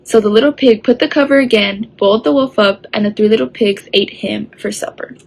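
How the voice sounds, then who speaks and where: A woman reading a children's story aloud in a steady storytelling way. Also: mid-range voice, brisk, vocal fry, poor audio. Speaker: story reader.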